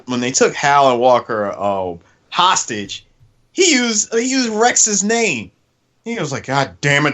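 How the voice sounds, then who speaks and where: A man co-hosting a casual movie review podcast, retelling scenes expressively and repeating phrases as he goes. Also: mid-range voice. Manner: expressive storyteller, repeats phrases, speeds up and slows down. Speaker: podcast co-host.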